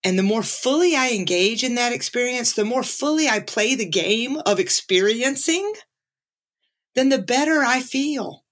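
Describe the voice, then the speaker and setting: A woman's voice: a little high, expressive, measured pace. A middle-aged woman from the American South with a Southern accent, hosting a reflective podcast and laughing easily as she talks. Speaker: podcast host and life coach.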